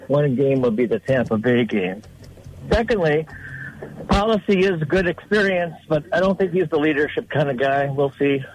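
Halting man calling a sports radio show. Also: on the high side, lively intonation, poor audio. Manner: halting, list-like with many uh fillers. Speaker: caller. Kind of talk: phone-in call.

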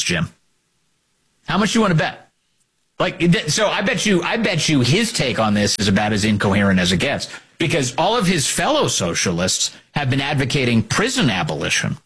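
A man hosts a political talk radio show, combative and sarcastic, mocking his opponents in put-on voices and swinging between those impressions and emphatic outbursts. His voice is mid-range, husky and fairly bright in tone.

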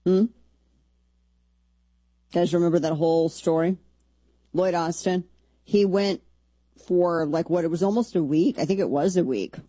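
A woman's voice: fairly low pitch, measured pace, long pauses, dark tone, no echo. A woman hosting a talk radio show, blunt and sarcastic, arguing her opinions in a combative way.

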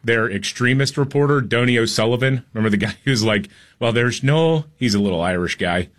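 A man's voice: on the low side, fast, a bit bright. A man co-hosting a talk radio show, giving combative, sarcastic commentary.

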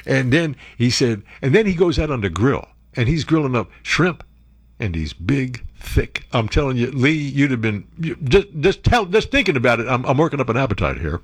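A man hosting a talk radio show, telling stories in a casual, animated way with frequent laughs, on a studio microphone. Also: medium pitch, normal speed, husky, no echo. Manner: animated storyteller, laughs often, restarts.

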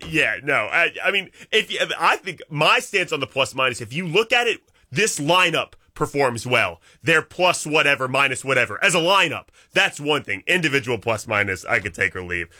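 A man co-hosting casual sports talk, measured and quoting stats. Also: a little high, very animated, bright, forceful tone.

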